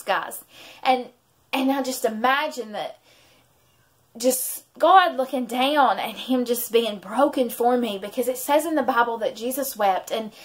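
A woman tells a personal faith story in a heartfelt, rambling way, circling back and restarting her sentences. Her voice sits a little high for a woman. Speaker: vlogger and mother. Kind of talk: emotional personal testimony.

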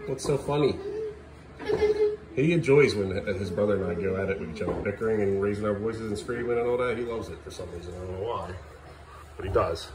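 A man's voice: fairly quick, background noise. Weary dad talking to his kids at home. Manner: weary, exasperated parent, often talking low and mumbly; raises his voice at a defiant child. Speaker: father. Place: family home kitchen.

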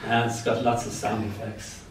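A man's voice: on the low side, flat delivery, normal speed. A middle-aged man giving a live poetry reading at a showcase, wry and given to chuckling asides. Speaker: poet. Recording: roomy hall, distant mic, faint room noise.

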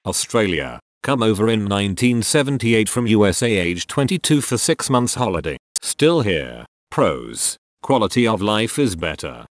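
A man narrating forum posts aloud in a scripted reading, dropping low on list headings. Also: big pitch swings, normal speed, few pauses, dry recording, studio quality. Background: faint background music.

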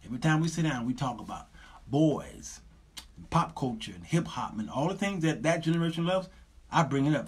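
A man's voice: on the high side, expressive, a little fast, slightly rough. A male show host, lecturing viewers in casual livestream talk and laughing often.

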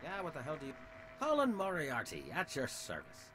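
Scheming Irish saloon owner, video game, theatrical, lively pitch, slightly high. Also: male voice, moderate pace, a little hiss or hum. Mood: welcoming. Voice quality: theatrical, smug and oily. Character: sly middle-aged male saloon owner.

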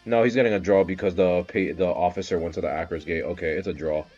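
Male game streamer, low voice, excitable and swearing, dull lo-fi audio with faint guitar behind. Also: fast, husky. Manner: excitable, swearing, bursts into loud shouts. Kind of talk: casual live game commentary.

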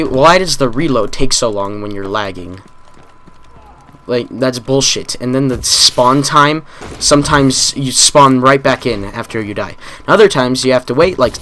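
A man's voice: mid-range voice, pushed and bright. A man hosting a gaming channel, giving live commentary on a shooter match in a frustrated, ranting manner full of swearing. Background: game gunfire.

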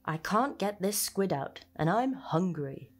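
Woman playing a grumpy complaining hammerhead shark, lively storybook reading, soft music under. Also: lowish voice, a little slow.

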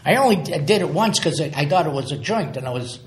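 An older man from Somerville, spinning neighborhood stories in a rambling, repetitive way. His voice sits a bit high for a man and rings in an echoey room. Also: animated, quick pace. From Somerville, Massachusetts. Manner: rambling, repeats words, acts out quotes. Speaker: guest. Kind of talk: casual storytelling interview.

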